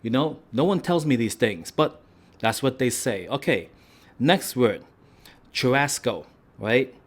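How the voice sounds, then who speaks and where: A man's voice: medium pitch, lively intonation, a little slow. A man hosting a food and travel vlog, joking and rambling in a casual way with lots of "right?". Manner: playful, rambling, tag questions like "right?".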